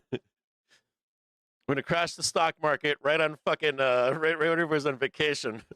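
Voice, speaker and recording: A man's voice: fairly high pitch, steady tone, normal speed, sharp tone, clean tone, no echo, clean studio sound. A man hosting a livestream about the stock market, rambling and swearing casually as he talks to viewers and laughs often. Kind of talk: casual profane market commentary.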